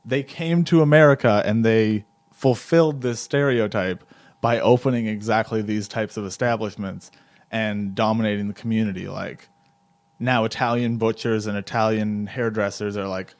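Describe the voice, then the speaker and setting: A man's voice: on the low side, fairly even intonation, normal speed. A man hosting an improvised comedy podcast interview, rambling and stammering, often cracking up. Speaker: podcast host.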